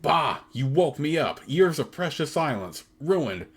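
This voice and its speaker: A man voicing a huge, grumpy, hungry male cave giant as he reads a video game's dialogue aloud, with blunt, gruff complaints. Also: a little high, very animated, measured pace, pitched above the performer's own voice, heavily acted.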